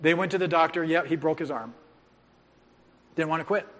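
A man's voice: on the high side, normal speed, fairly bright tone. A middle-aged man preaching a sermon, urging and joking like a football coach as he tells stories. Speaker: pastor. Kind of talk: sermon with storytelling. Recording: long reverb of a large hall.

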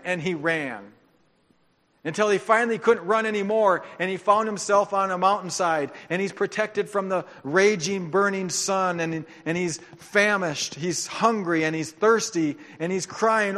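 A man preaching a sermon, telling the story in an animated way with joking asides. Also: sits high, measured pace. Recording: long hall reverb.

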